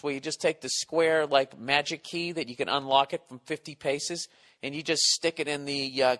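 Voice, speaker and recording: A podcast host with a medium-pitched, fairly bright voice rants through a comic story, swearing constantly and acting out his own outbursts. His profane monologue has a big-room sound.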